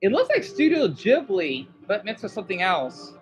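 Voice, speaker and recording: A man's voice: sits high, huge pitch swings, moderate pace. A young man hosting a casual livestream, rambling and getting emotional while reading names from the chat. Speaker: livestream host.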